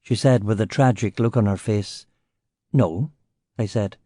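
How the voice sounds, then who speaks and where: A man's voice: on the low side, steady tone, moderate pace, warm tone, dry recording. A man narrating a crime audiobook in the first person, with a dry, sardonic manner on a close studio mic.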